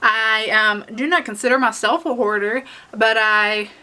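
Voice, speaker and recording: A woman's voice: fairly high pitch, a little slow, bright, forceful tone. A young woman with a Southern US accent chatting casually to camera, rambling with lots of fillers and laughs. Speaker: beauty vlogger.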